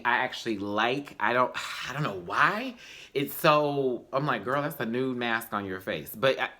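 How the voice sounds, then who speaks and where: A young man casually reviewing a show on his channel, chatty and slangy, tired and late at night, often jumping to high exclamations. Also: pushed and bright. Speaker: YouTube reviewer.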